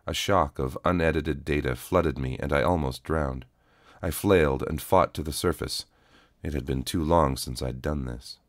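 Male audiobook narrator, strikingly low voice, dry close-mic sound, steady delivery. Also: moderate pace, dry recording. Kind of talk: first-person story reading.

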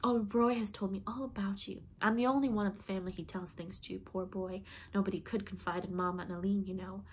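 A woman's voice: medium pitch, steady tone, fast, husky. A woman reading as Dorothy, an eager young woman. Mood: gushing. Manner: eager, confiding. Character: young woman, warm, impulsive, gushing.

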